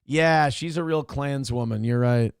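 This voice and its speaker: A man's voice: medium pitch, measured pace, gravelly, clear, resonant tone, no room sound, studio quality. A man hosting a morning show, mocking a clip in a sarcastic, profane rant. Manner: sarcastic, ranting, swears freely. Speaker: show host reacting to clips.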